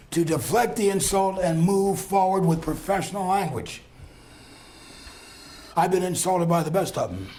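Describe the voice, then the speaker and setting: A lecturer on conflict talk addresses a seminar class in a slightly high, slightly mellow voice over a bit of background noise. He tells stories, acts out dialogue, and chuckles often.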